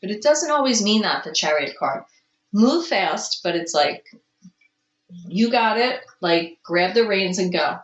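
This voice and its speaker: A woman doing a casual tarot reading to camera, slow and musing, with soft gushing exclamations and an allergy-roughened throat. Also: medium pitch, animated, roomy sound, muffled recording. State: clearing her throat from allergies. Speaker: tarot card reader.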